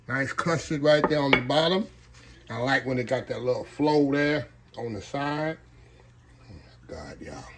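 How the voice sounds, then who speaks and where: A man's voice: medium pitch, background noise. A man hosting a casual home cooking vlog, folksy and chatty, calling his viewers y'all. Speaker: cooking vlogger.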